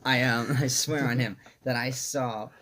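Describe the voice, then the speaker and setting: Young male co-host, halting rambling storyteller, faint noise. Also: medium pitch, steady tone, a bit bright. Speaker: podcast co-host. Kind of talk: casual storytelling.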